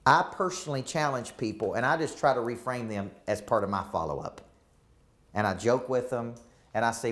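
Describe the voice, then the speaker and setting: A man coaching a group of real estate agents live, acting out quoted dialogue as he talks. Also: medium pitch. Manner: animated, acts out quoted dialogue. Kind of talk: live coaching session talk.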